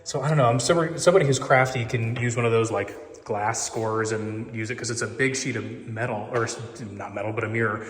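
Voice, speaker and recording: A man vlogging casually, rambling with lots of fillers about clearing out his home and cooking. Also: medium pitch, quick pace, few pauses. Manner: rambling, chatty, full of fillers; excited whoops while cooking. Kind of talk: casual vlog chat. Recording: long hall reverb.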